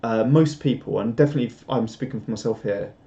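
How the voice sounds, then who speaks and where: A man chatting loosely on a live stream, rambling and self-deprecating with lots of restarts. His voice is mellow and warm, in the middle of the male range. The audio is dull and lo-fi. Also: medium pitch, quick pace, vocal fry. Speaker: live streamer reading viewer chat. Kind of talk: casual live-stream chat.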